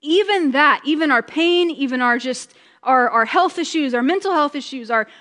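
A woman preaching a conversational sermon, chatty and joking, slowing down for emphasis. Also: high voice, expressive, fairly bright tone, big-room sound.

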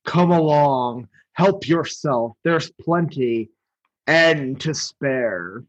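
A great proud dragon purrs out threats slowly and deliberately, as a man puts him on. His deepened voice has a husky grain. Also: animated, muffled recording, heavily acted. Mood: sly. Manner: slow, deep-voiced, purring. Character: huge proud male dragon, sly and menacing.

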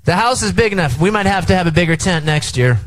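A man's voice: high-pitched, animated, fast, a bit bright, poor audio. A middle-aged man preaching a sermon as pastor, engaging the crowd with call-and-response at an outdoor tent service.

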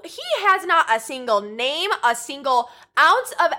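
Brief: bright, high woman co-host, emphatic, chimes in often. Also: animated. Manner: emphatic, quick to chime in, swears freely. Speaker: podcast co-host. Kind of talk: casual gossip chat.

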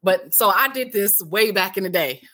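A woman in her forties, an interview guest, telling a candid personal story in an animated way, acting out past conversations. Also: moderate pace. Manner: animated, acts out past dialogue with big pitch jumps. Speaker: interview guest, healing center founder.

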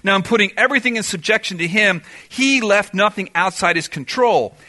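Preaching emphatically in an auditorium, a pastor fires off rhetorical questions and answers them himself. His high voice is expressive and sharp-toned, moving fairly quickly.

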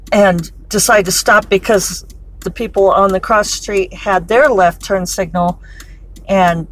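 A woman's voice: medium pitch, a little hiss or hum, low-quality recording. A middle-aged woman chatting casually while driving, wry and talkative with laughing asides. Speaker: author podcaster. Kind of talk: casual commute vlog. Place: in a car, driving.

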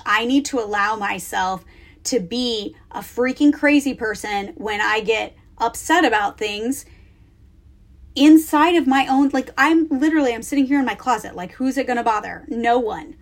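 Woman, 30s, podcast host, casual chatty talk, lots of fillers, fairly high voice. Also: normal speed. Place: small closet at home.

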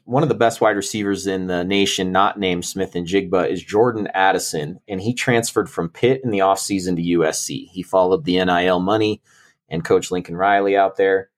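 Man, lowish voice, chatty sports podcaster, enthusiastic, laughs easily. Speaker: co-host and college football segment host. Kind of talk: casual podcast chat.

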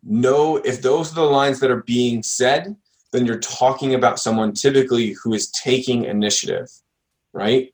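A man hosting a podcast, talking earnestly through advice and often checking in with "right?". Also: medium pitch. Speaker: podcast host. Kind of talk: casual podcast chat.

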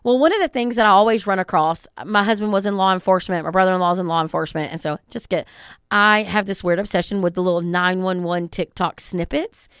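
A woman's voice: fairly low pitch, quick pace, fairly bright tone, smooth, no echo, studio quality. A middle-aged woman from the States, hosting a solo podcast in a conversational, emphatic way. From Southern United States. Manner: conversational, emphatic, acts out callers. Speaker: podcast host.

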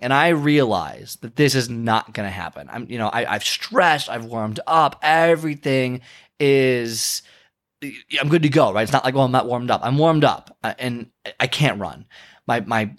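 A middle-aged man talking casually in a motivational vlog, rambling with restarts. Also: mid-range voice. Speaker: vlogger and speaker.

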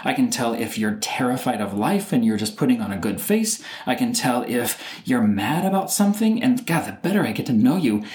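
Man, solo podcast host, lively swooping delivery, echoey room. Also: medium pitch. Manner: animated, acts out other people's voices. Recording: roomy echo.

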